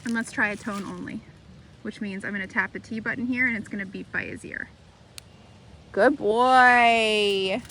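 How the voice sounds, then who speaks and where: A woman dog trainer calmly explaining an outdoor training demonstration. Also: quick pace, creaky, low-quality recording. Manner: calm explaining, then sharp high commands. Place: outdoors in a grassy field. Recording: loud outdoor noise.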